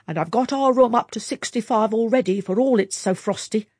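A woman voicing a brusque, loud, scolding older landlady. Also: fairly high pitch, a little fast, breathy edge, no echo, studio quality, pitched above the performer's own voice. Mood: bossy.

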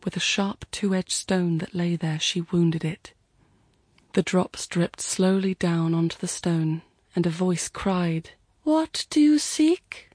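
A woman narrating a story in an unhurried, measured way, her voice low-set and breathy. The reading is close and dry, with no room sound around it. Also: little pitch movement, darkish tone, no echo. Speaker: reader.

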